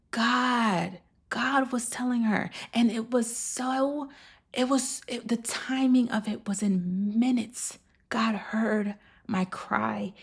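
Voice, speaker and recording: A woman delivers a personal testimony sermon in an earnest, emotional way, often sinking to a near whisper. Her voice is husky with a gravelly edge. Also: mid-range voice. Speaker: speaker giving a devotional message.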